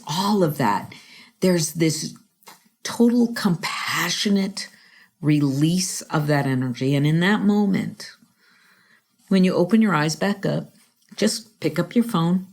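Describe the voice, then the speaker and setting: A middle-aged woman hosting a podcast, coaching listeners through a slow breathing exercise in a soothing voice that drops to whispers. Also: low-pitched, gravelly, darkish tone.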